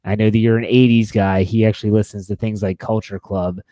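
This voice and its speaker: This young man co-hosts a podcast and talks casually about sports movies, rambling with enthusiasm and frequently restarting his sentences. His voice sits on the low side, brisk and mellow but flat in delivery, with no room sound.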